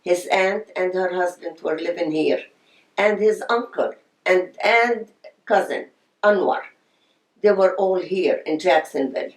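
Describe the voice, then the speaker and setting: A woman's voice: lowish voice, unhurried. Older woman recalling her life, echoey room. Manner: reminiscing, storytelling with quoted voices. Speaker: interviewee. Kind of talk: oral history interview.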